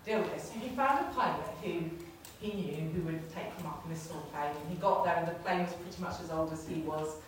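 A woman's voice: low voice, brisk, hardly any pauses. Chatty woman preaching in echoey hall. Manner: chatty, laughing, addressing the congregation. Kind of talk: church talk. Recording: echoey hall, distant mic, faint noise.

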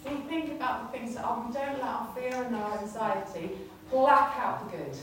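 A woman's voice: a little high, moderate pace. A woman giving a chatty church talk to a congregation, often laughing. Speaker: preacher. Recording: echoey hall, distant mic, faint noise.

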